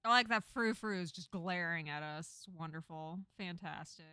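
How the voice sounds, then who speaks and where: Texan woman streamer reading a game aloud, playful and profane, crisp bright tone. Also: fairly low pitch, moderate pace, dry recording. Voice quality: playful, swears casually, laughs easily.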